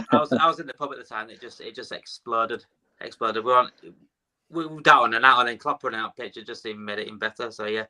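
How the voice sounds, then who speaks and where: Bright-toned man rambling on. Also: medium pitch, poor audio. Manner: rambling, repeats himself for emphasis. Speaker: panel guest. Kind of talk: casual football podcast chat.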